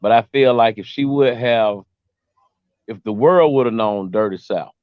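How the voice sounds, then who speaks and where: A male interviewer speaks in an earnest, measured way. His voice is smooth and resonant. The sound is dry and a little muffled. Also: mid-range voice, no echo. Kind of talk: casual interview.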